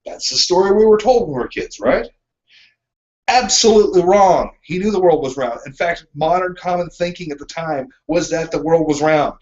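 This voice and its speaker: A man co-hosting a casual discussion podcast, talking in a rambling, animated way with frequent ums. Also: fairly high pitch, normal speed. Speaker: podcast co-host. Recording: dull lo-fi sound.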